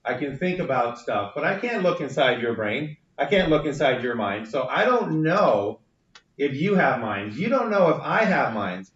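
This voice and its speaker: A man's voice: mid-range voice, sing-song, normal speed, fairly bright tone. A male university instructor gives a lecture, explaining ideas patiently and checking in with his class. He is heard from a distance in a reverberant classroom. The recording sounds dull and a little muffled. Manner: explanatory, frequent "right?" tag questions. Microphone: room recording from a distance. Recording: echoey classroom from far off, dull.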